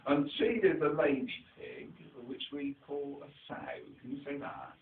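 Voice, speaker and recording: Low-voiced man with a rural English dialect, a playful children's theatre entertainer, recorded distant and phone-like. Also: little pitch movement, normal speed, gravelly, roomy sound, a crowd in the background. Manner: chatty, playful, quizzes the children. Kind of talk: storytelling to a young audience.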